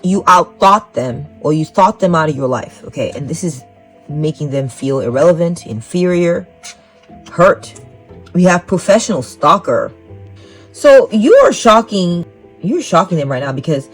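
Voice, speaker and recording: A woman's voice: on the low side, expressive, normal speed, low-quality recording. A woman giving a psychic tarot reading to the viewer. She rambles, repeats herself and keeps encouraging the viewer. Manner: rambling, repetitive, encouraging, talks straight to the viewer. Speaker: tarot reader. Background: faint music.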